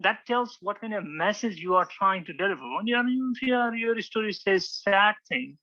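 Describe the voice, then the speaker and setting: Brief: male speaking coach, fairly high bright voice, dull lo-fi recording. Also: normal speed. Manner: demonstrative, acts out examples, frequent restarts. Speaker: public speaking club instructor. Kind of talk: informal teaching talk with slides.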